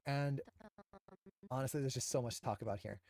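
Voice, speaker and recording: A man's voice: mid-range voice, fairly quick, a little mellow, dry recording. Enthusiastic man breaking down animation. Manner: enthusiastic and emphatic, admiring. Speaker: animation teacher. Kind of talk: analytical commentary on animation.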